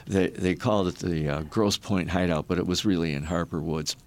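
An older man with a very low voice tells rambling stories as an interview guest. He circles back on his words, restarts sentences, and acts out what other people said. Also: fairly even intonation, a little fast. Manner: rambling anecdotes with restarts and acted quotes. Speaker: guest, former rock roadie and photographer. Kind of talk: storytelling in a podcast interview.

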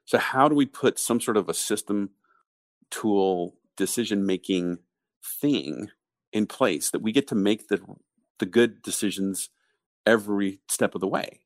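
A man with a very low voice co-hosts a casual business podcast. The recording is dry and close, with no room sound. He explains his ideas through steady, conversational storytelling. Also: measured pace, no echo. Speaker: podcast co-host.

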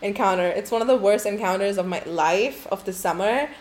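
A woman's voice: medium pitch, brisk, a little mellow. A young adult woman telling a story to camera in a casual storytime style, swearing a lot and saying "like" constantly. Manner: profane, rambling, heavy use of "like".

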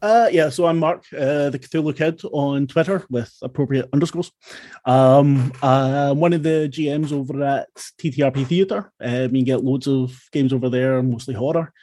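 A man chats offhandedly after a tabletop game, with a husky edge to his voice. The sound is dry and close. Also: medium pitch, moderate pace, warm tone, dry recording. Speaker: player. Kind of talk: casual chat.

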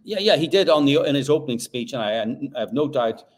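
A man, a journalist guest on a remote call, talking through a trial in an animated, halting way full of fillers and restarts. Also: medium pitch. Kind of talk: casual discussion.

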